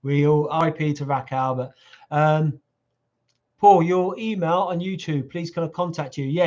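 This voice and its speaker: A middle-aged man hosts a casual live stream, reading viewer comments and answering them in a jokey, teasing, chatty way. His voice is fairly high for a man and going a little hoarse. The lo-fi livestream audio sounds dull.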